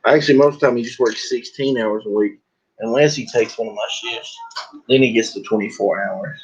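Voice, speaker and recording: A man hosts a casual livestream, rambling and joking as he packs books. His voice sits at a middling pitch. The stream audio is dull and lo-fi. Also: a little fast, slightly rough. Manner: joking, rambling, breaks into laughter. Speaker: livestream host. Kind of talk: casual live-stream chat.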